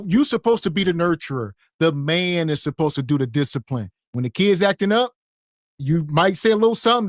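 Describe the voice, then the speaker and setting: A man co-hosting a podcast, responding to clips in a lecturing, dismissive tone. His voice sits a little high. The sound is dry. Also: no room sound. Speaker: podcast co-host. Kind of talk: reaction commentary.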